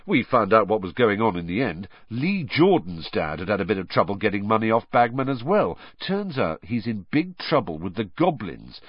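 A man's voice: medium pitch, husky, dry recording, lo-fi sound. A man voicing a wry, gloomy teenage boy with a dry, bitter edge.

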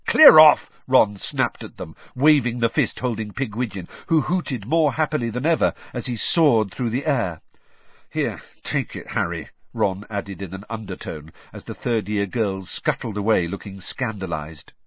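Husky male audiobook narrator. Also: on the low side, animated, normal speed, few pauses, no room sound. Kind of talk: scripted narration. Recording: dry, slightly muffled.

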